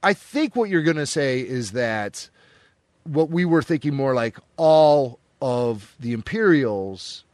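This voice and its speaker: A man from the Midwest, co-hosting a podcast in casual chat, animated and often laughing as he teases. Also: medium pitch, slow, no echo. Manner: animated, laughing, playful teasing. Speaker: podcast co-host.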